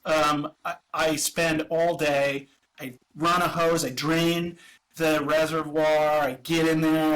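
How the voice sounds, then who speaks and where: A man, a podcast guest, telling a self-deprecating story in an animated, casual way over a video call. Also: fairly high pitch, poor audio. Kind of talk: casual chat.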